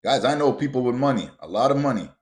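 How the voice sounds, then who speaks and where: A man hosting a motivational podcast, talking bluntly and with a lot of profanity, often building up to loud, emphatic rants. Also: mid-range voice, animated, fast. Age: adult with children. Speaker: podcast host.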